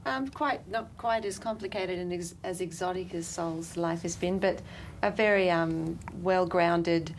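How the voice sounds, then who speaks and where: Soft, creaky-voiced Australian woman. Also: fairly low pitch, measured pace, a little hiss or hum. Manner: soft-spoken, hesitant with many fillers. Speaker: guest. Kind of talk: interview.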